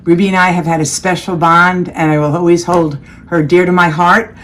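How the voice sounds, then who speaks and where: A woman's voice: lowish voice, little pitch movement, normal speed. A woman teacher giving heartfelt praise to her graduates over a video call. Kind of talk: speech to graduates.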